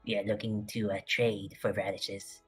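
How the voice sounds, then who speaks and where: A player voicing a proud, exiled kobold shaman who speaks in a formal, measured way in a tabletop game. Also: low voice, flat delivery, husky, faint music behind.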